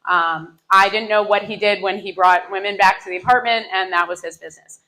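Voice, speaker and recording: A woman telling a self-mocking personal story live on stage into a microphone, animated and often laughing through her lines. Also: mid-range voice, fairly quick, slight background noise, poor audio. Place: live stage before an audience.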